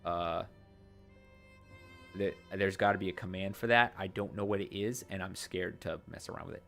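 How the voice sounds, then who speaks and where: A man's voice: sits low, moderate pace, sharp tone, faint music behind. A man reading a text adventure game aloud in a put-on accent, breaking into casual asides to his viewers. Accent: put-on accent while narrating. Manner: dramatic narration broken by casual asides.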